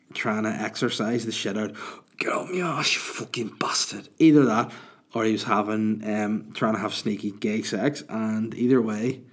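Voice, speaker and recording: Rambling, crude man hosting a podcast. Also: on the low side. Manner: rambling, crude, self-mocking storytelling. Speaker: podcast host and comedian. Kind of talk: casual comedic podcast chat.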